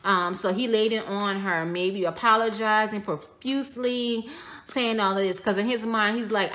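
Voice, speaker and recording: A woman's voice: medium pitch, steady tone, moderate pace, fairly bright tone, a little hiss or hum. A woman giving a tarot reading for her viewers, speaking casually, speculating aloud and repeating her phrases. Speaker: tarot reader.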